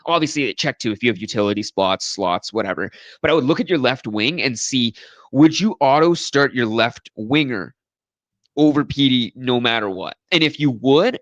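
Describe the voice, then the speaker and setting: A man's voice: mid-range voice, animated, moderate pace, fairly bright tone, dry recording. A man co-hosting a podcast, talking casually and rambling, often correcting himself. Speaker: podcast co-host. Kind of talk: casual chat.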